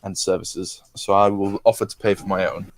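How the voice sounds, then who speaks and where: A woman's voice: a bass voice, fairly even intonation, normal speed. A woman playing a tabletop game, speaking formally and politely in character as a knight. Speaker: player.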